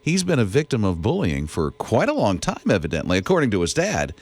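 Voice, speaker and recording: A man co-hosting a morning radio show, telling news stories in casual, animated banter and laughing easily. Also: lowish voice, a little fast. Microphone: studio microphone.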